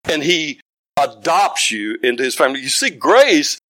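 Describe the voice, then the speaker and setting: A man's voice: a little high, sing-song, moderate pace, sharp tone, dry recording, rough recording. An older man preaching a sermon as pastor, folksy and conversational, building to fervent emphasis.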